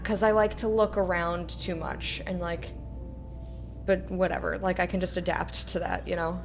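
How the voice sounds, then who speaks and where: A woman's voice: lowish voice, fairly even intonation, moderate pace, vocal fry, faint music behind. Chatty woman rambling over gameplay. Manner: rambling, chatty, self-mocking. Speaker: let's play streamer. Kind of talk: casual gameplay commentary.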